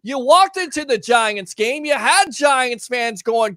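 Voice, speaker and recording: A man's voice: extremely high pitch, animated, slow, fairly bright tone, dry recording, studio quality. A man hosting a call-in sports talk show, teasing callers and firing off rhetorical questions. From Tampa Bay area.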